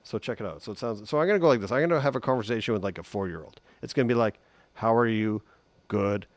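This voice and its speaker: A man giving a relaxed, chatty guitar lesson on a live stream, humming note sounds as he explains. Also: mid-range voice, very fast, dry recording. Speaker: guitar teacher.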